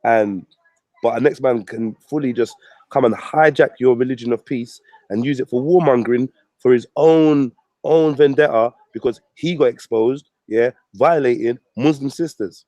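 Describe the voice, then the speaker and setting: A man's voice: medium pitch, normal speed, a little mellow, no echo. A man ranting on his channel, mocking and swearing at a rival. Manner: profane, mocking, combative. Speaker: vlogger. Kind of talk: ranting commentary.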